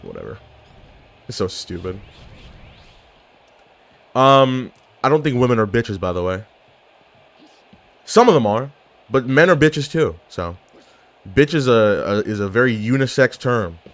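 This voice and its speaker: A man's voice: mid-range voice, unhurried, long pauses, no echo. A man giving casual gameplay commentary, joking and trash-talking opponents. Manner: trash-talking, jokey, excitable outbursts. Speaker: gaming YouTuber.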